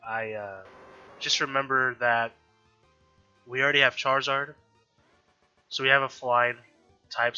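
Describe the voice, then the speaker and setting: Nasal man, sharp bright tone, casual let's-play chatter over faint game music, lo-fi sound. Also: mid-range voice. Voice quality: nasal from allergies. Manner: chatty, thinking aloud, frustrated outbursts. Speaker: gaming YouTuber.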